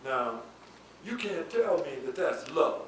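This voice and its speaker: A man preaching a sermon, dropping to low asides and rising to shouted, sing-song peaks. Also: very animated, slow. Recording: echoey hall from far off with faint noise.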